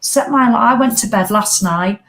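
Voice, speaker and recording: A woman's voice: medium pitch, moderate pace, fairly bright tone. A middle-aged woman with a British English accent, hosting a live walking group as a fitness coach in a chatty, blunt, motivational way with casual swearing. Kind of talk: casual live-stream chat.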